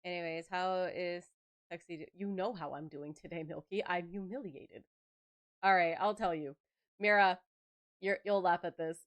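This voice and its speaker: A woman's voice: fairly low pitch, moderate pace. A young adult woman chatting casually on a game stream, telling stories animatedly with laughter and acted-out quotes. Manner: animated storyteller who laughs and acts out quotes. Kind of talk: casual live-stream chat.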